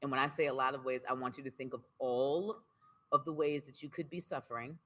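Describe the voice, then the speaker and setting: Bright-voiced, emphatic woman poet. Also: a bass voice, brisk. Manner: expressive, emphatic, repeats phrases for rhythm. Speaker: guest, spoken word poet. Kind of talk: candid conversational interview.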